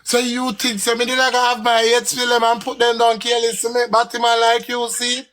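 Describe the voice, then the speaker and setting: High-voiced brash Jamaican man. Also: monotone, normal speed, sharp tone, echoey room. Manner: brash, profane, emphatic. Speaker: livestream host. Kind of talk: heated live-stream talk.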